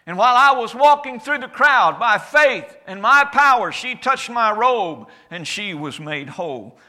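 A man preaching in the first person as Jesus, a calm and certain adult man, with a declamatory delivery whose loudness rises and falls. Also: high voice, exaggerated voice. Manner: declamatory, rising and falling loudness. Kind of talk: first-person sermon monologue.

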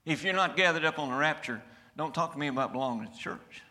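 A man preaches from the pulpit of a church, his voice high and piercingly bright. He builds to shouted peaks, then drops almost to a murmur to drive a point home. The delivery is fervent and rhythmic. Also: lively intonation, fast talker. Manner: preaching with sudden shouted climaxes and quiet drops. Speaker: pastor. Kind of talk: fiery sermon. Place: church sanctuary.

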